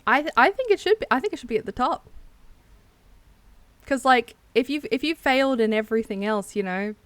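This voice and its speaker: A woman's voice: fairly high pitch, animated, fairly quick, fairly bright tone, no room sound. Chatty Australian woman, dry close sound. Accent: South Australian. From South Australia. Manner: chatty, laughs often, swears casually. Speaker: streamer. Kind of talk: casual stream chat.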